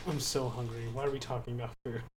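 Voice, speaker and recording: A man's voice: medium pitch, flat delivery, quick pace, a little hiss or hum. A man in casual chat, reacting to a story with short exclamations and questions. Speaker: podcast co-host.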